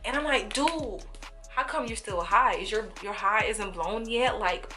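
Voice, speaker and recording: A young woman telling a story to her viewers in a casual, animated way, acting out the voices of people in it, with speech. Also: medium pitch, unhurried, soft background music. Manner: animated, acts out quoted voices, talks straight to viewers. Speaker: storytime vlogger.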